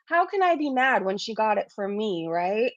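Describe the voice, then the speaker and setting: A woman's voice: fairly high pitch, sing-song, moderate pace, dry recording. A woman in her forties, talking casually on her own livestream. She reads out viewer comments and keeps laughing at herself as she chats. The sound is a little dull and dry. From Canada. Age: 40s. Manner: chatty, laughs at herself often, reads chat messages aloud. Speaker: YouTube livestream host.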